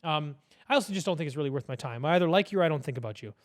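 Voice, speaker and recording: Opinionated male podcast guest, rapid, blunt delivery, bright high register. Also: expressive. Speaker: podcast guest, business owner. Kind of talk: casual political chat.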